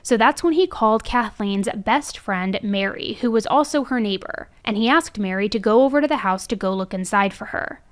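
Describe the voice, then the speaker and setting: A woman's voice: mid-range voice, moderate pace, hardly any pauses. A young woman narrating a true crime case in a chatty, conversational way, often checking in with "right?" and "I mean".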